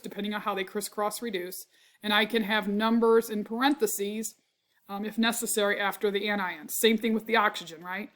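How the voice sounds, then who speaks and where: A congested woman who clears her throat a lot, teaching chemistry in a recorded lecture. She explains step by step, often checks with "right?" and corrects her own slips. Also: mid-range voice, a bit bright.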